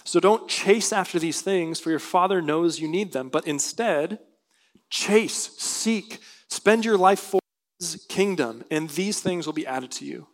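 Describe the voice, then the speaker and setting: A man's voice: sits high, a little slow. A male pastor preaching a sermon, reading scripture aloud and explaining it earnestly. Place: church sanctuary.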